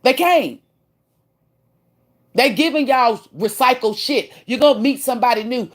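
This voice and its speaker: A woman's slightly high, animated voice moves at a measured pace during her livestream rant. Presenting herself as a spiritual teacher, she lectures bluntly and preachily, cursing heavily and bragging about her own gifts.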